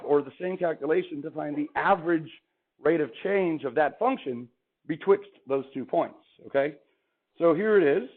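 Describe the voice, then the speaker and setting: A male math teacher lecturing a classroom, chatty and quizzing the students as he goes. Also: a little high. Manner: chatty, asks the class questions. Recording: tinny phone-like classroom recording.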